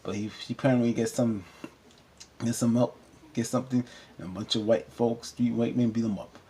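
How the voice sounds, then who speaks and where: A man recapping a TV episode in a casual, animated, rambling way, often cutting himself off, with features. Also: mid-range voice, brisk, slight background noise. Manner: animated, rambling, self-interrupting. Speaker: TV recap vlogger. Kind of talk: casual chat.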